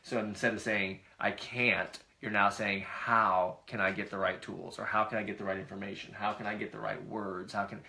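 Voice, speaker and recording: A middle-aged man with a gravelly, bright-edged voice, chatting casually as a co-host. His delivery is easygoing and rambling, with frequent restarts. His pitch sits a little on the low side. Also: level tone, moderate pace, hardly any pauses. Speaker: podcast co-host. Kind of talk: casual conversation.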